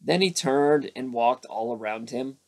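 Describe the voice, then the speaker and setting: A man's voice: medium pitch, measured pace. Male bedtime storyteller. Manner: lively, voices each character. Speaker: storybook narrator. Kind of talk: bedtime story read-aloud.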